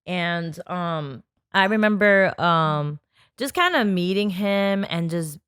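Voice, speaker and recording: A woman in her thirties from New York, guest on a casual talk show, telling stories in an animated way and acting out what people said. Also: fairly low pitch, takes it slowly, clear, resonant tone, no echo, clean studio sound. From New York, Bronx. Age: 30s. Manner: animated storytelling, acts out quotes. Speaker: guest comedian. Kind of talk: casual podcast chat.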